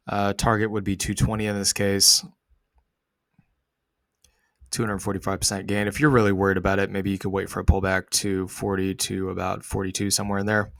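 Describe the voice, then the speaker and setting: A man's voice: lowish voice, vocal fry, a bit bright, no echo, studio quality. A male host giving casual market commentary over charts, laid-back and slangy with sarcastic asides.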